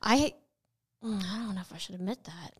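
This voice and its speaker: A woman's voice: mid-range voice, moderate pace, breathy edge. A woman in her thirties co-hosting a casual chat, telling stories with lots of "like". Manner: animated storyteller, says "like" often.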